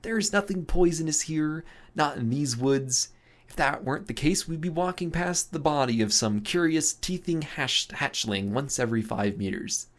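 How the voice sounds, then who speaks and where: A confident young man soothes and coaxes a friend, sure of himself, as a man reading the story puts him on. The voice sits a little higher than the reader's own and moves freely. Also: lively intonation, normal speed, close to an everyday voice. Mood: reassuring. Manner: coaxing, reassuring.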